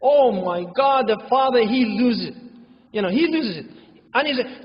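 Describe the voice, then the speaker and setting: A man's voice: very high-pitched, lively intonation, normal speed. A man giving a conversational sermon in a mosque hall, informal and repetitive, acting out quoted parents and children. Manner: informal, repetitive, uses religious phrases. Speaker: imam giving a talk. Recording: echoey hall, dull lo-fi sound.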